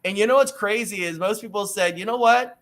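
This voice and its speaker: Energetic storytelling man, bright and high. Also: fairly quick. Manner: energetic, emphatic, acts out quoted voices. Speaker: book author guest. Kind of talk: animated storytelling. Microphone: video call.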